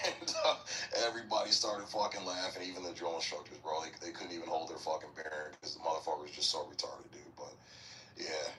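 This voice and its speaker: Deep-voiced profane man telling war stories. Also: fairly even intonation, brisk, bright, forceful tone, recorded from a distance, slight background noise, rough recording. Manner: profane, rambling storyteller. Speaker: military veteran guest. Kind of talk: casual podcast chat.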